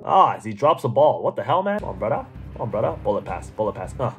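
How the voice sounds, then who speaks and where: A man giving excited, rambling gameplay commentary as a gaming YouTuber, talking to himself and to his viewers. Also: on the low side, fast, soft background music.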